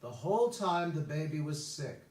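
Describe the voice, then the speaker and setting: Subdued, resigned old king, read by a male teacher; soft voice, echoing room. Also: fairly high pitch, very animated, moderate pace. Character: grieving male biblical king, quiet, resigned. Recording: roomy sound from a distance.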